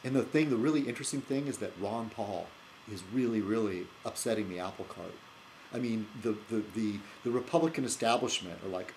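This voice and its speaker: A man's voice: fairly low pitch, fairly quick, slight background noise, poor audio. A man hosting his own video blog, talking in a loose, rambling way with many fillers and restarts. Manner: animated, laughs at his own jokes. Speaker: video blogger. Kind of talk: casual rambling monologue.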